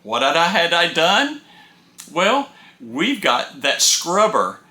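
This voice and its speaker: A folksy man spins a rambling travel tale and doubles back on his words as he talks. His voice is very bright and sharp, and it rings around a roomy, echoey space. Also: fairly high pitch, wildly swooping pitch, slow pace. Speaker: RV traveler telling road stories. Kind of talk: casual first-person storytelling.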